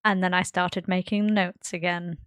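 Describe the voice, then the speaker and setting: A woman's voice: on the low side, moderate pace, smooth, dry recording. Girl co-host, rambly storyteller, lots of likes and ums, dry close sound. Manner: rambling, animated storyteller, frequent fillers. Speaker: podcast co-host. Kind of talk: casual podcast chat.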